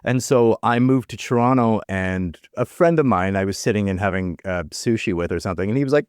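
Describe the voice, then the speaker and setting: A man's voice: fairly low pitch, a little fast, few pauses, clear, resonant tone, no room sound, clean studio sound. A man chatting as a podcast guest, telling a story and acting out the voices of the people in it, with loose, filler-heavy phrasing. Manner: animated storyteller, acts out quoted voices. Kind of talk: casual chat.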